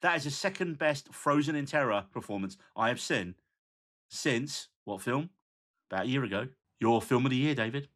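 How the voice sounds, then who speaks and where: A man's voice: medium pitch, animated, moderate pace, fairly bright tone. A man co-hosting a film podcast, chatting casually with dry, teasing banter. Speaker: podcast co-host. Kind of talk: casual film review chat.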